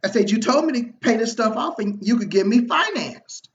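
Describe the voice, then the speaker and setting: A man telling a personal story to his viewers in a casual, motivational way, slangy and animated, acting out the people he quotes. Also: very high-pitched, moderate pace, lo-fi sound. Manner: animated, slangy, repeats himself and acts out quoted dialogue. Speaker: online marketing video host.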